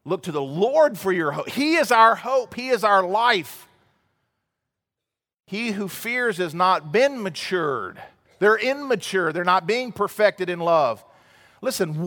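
High-voiced man preaching in echoing hall. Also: fairly bright tone. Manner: conversational storytelling, building to emphatic outbursts. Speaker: pastor. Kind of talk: sermon. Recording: long hall reverb.

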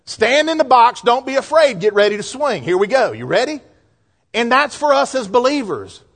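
High-voiced Southern pastor preaching. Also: male voice, moderate pace. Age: middle-aged. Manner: folksy, lively preaching with asides and jokes. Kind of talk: sermon.

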